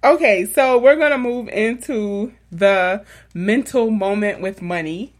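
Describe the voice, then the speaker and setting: A woman's voice: medium pitch, unhurried. Woman hosting a podcast, chatty, laughs a lot, says like and um. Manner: chatty, laughing, lots of fillers. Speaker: podcast host. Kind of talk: casual podcast chat.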